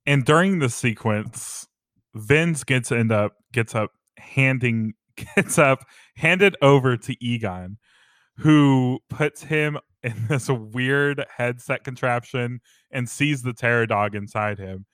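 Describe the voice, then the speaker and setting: A man's voice: mid-range voice, slow pace, fairly bright tone, dry recording, clean studio sound. A young man joking playfully in a casual film discussion. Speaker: podcast co-host.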